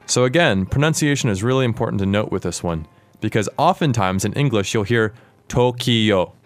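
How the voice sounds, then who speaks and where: Low-voiced man teaching a podcast lesson. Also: expressive, a little fast, no room sound, faint music behind. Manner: clear, explanatory, asks his co-host questions. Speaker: language teacher and podcast host.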